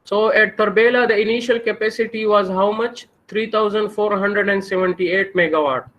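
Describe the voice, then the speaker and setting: A man's voice: high-pitched, fairly even intonation, normal speed, fairly bright tone, muffled recording. A man with a Pakistani English accent giving a university engineering lecture, posing questions to the class and answering them himself.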